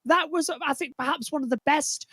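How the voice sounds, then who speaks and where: A man commentating an online racing league, excitable and calling the action fast. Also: very high voice, no echo. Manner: excitable, fast and loud at the action, calmer in analysis. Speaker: lead commentator.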